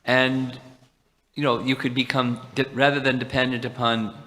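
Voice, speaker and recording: A man's voice: medium pitch, little pitch movement, moderate pace, bright, forceful tone. A man leading a devotional class, taking questions and explaining with quoted Sanskrit verses. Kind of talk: devotional teaching and Q&A. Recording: reverberant lecture hall.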